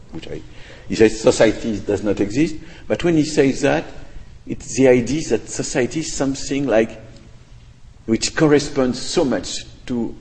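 Low-voiced man in a hall. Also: darkish tone. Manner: thoughtful, hesitant, with restarts and hedging. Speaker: speaker answering audience questions. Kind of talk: academic Q&A answer. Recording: echoey lecture hall.

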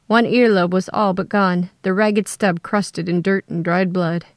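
A woman telling a first-person story in a steady, scripted narration. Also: on the low side, a little slow, no echo, studio quality.

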